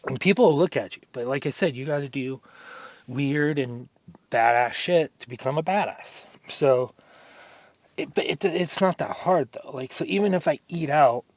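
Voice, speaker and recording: A man's voice: a little high, moderate pace, darkish tone, no echo. A man vlogging casually during an arm workout, telling stories in a rambling way, full of fillers. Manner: rambling, filler-heavy storytelling. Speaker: fitness vlogger.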